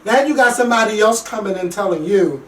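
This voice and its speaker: High-voiced man ranting bluntly, echoey room. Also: fast. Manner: blunt, profane, animated ranting. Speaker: podcast host. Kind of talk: casual reality TV recap. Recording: echoey room, mic at a distance.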